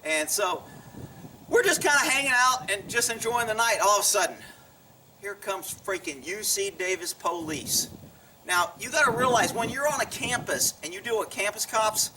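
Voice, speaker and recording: A man's voice: high voice, animated, normal speed, far from the mic, noisy background. A man casually telling a personal story to the camera, chuckling often and acting out the people he quotes.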